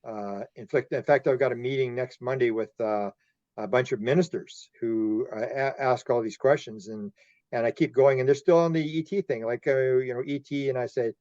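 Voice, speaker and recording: A man from Canada, a UFO investigator being interviewed, telling animated stories, laughing often and acting out quotes. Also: medium pitch, moderate pace, no room sound, lo-fi sound. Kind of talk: casual interview storytelling.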